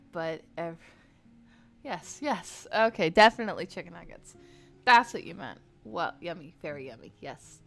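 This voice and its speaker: A young woman streamer talks casually to her chat, telling rambling stories with plenty of filler words. Her voice sits fairly low for a woman. Soft music plays faintly behind her.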